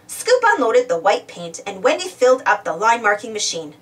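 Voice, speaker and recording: A woman reading a children's storybook aloud in an expressive, animated way. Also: fairly high pitch, normal speed, hardly any pauses, distant mic.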